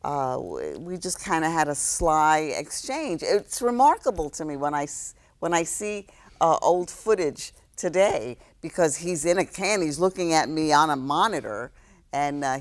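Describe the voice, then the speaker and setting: Low-voiced woman guest, reflective and candid. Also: lively intonation, a little slow. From New York City, South Bronx. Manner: reflective, frequent "uh" fillers and restarts. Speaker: guest, actress. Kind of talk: relaxed interview conversation.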